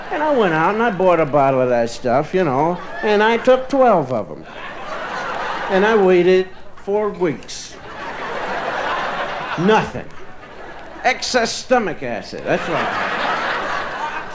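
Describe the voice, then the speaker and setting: A man's voice: high-pitched, measured pace, long pauses. A man telling a long comic story on stage, acting out the other voices in the tale. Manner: animated storyteller, acting out both sides of dialogue. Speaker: stand-up comedian. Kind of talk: stand-up storytelling to a live audience. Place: live stage with audience laughter. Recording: vintage vinyl live recording with faint hiss.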